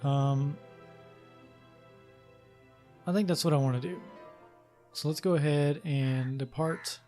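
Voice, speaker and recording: A man's voice: fairly high pitch, steady tone, normal speed, mellow, faint music behind. A young man playing a game, chatting casually with fillers and reading its story text aloud. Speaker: let's play host.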